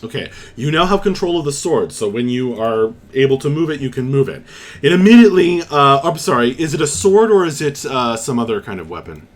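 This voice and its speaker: A man's voice: mid-range voice, sing-song, brisk. A man running a live-streamed tabletop game as game master, narrating vividly with frequent fillers.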